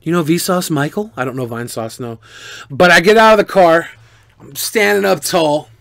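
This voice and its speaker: A man streamer answering viewer questions in casual, animated storytelling, profane and boastful. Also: a little high, moderate pace, vocal fry, no echo, studio quality.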